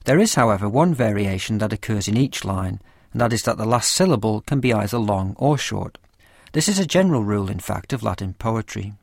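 A man reading a scripted lesson with a measured, careful explanatory delivery. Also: on the low side, animated, gravelly, no room sound, studio quality. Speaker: teacher of poetry. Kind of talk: scripted lecture narration.

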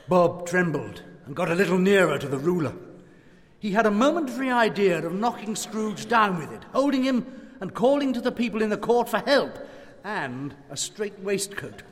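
A man giving a slow, theatrical dramatic reading of a classic story. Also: sits high, expressive. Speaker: reader performing a public reading. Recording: long hall reverb.

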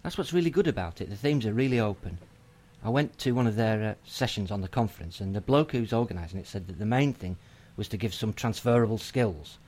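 A man's voice: on the low side, expressive, fairly quick, a little mellow. An actor with a Northern English accent playing a sardonic young student explaining his plans. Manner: dry, sardonic. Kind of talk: scripted educational drama.

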